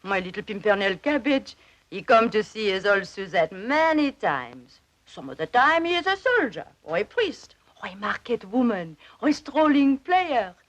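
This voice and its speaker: A chatty old innkeeper. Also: female voice, mid-range voice, big pitch swings, moderate pace, a bit bright. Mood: fond. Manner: chatty, broken English. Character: chatty old French innkeeper woman, fond and motherly. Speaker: actress.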